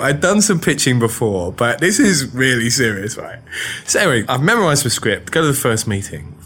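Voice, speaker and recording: A man's voice: mid-range voice, slightly rough. An English man, a game developer, telling an anecdote in an interview and acting out the voices of people in his story. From England. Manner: animated, acts out voices in his stories.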